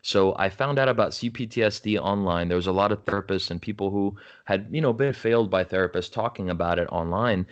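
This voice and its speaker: A man's voice: lowish voice, muffled recording. A man speaking as a podcast guest, telling his story frankly and earnestly, often saying "you know" and "right?" and restarting his sentences. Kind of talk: candid conversational storytelling.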